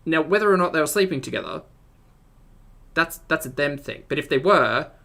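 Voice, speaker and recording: A man's voice: a little high, brisk, vocal fry. A man giving casual, exasperated reaction commentary as a streamer. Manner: animated, exasperated, chatty.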